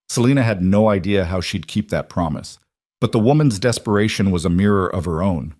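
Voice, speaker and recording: A man narrating a scripted drama story in a slow, dramatic reading. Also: low voice, animated, a little mellow, no echo, studio quality.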